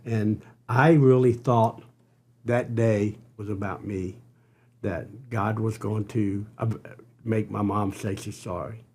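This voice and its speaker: Older man, low dark voice, husky, earnest halting delivery, podcast guest. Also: steady tone. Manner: earnest, halting, full of restarts. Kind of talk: storytelling interview.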